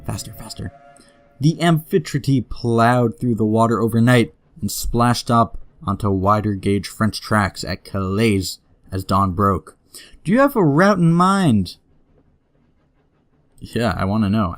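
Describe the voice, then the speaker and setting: A man playing a story game, reading its text aloud and chuckling, then dropping quick casual asides. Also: lowish voice. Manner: giggly, laughs often while reading; reads story passages slowly, then mutters quick asides. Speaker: let's play gamer.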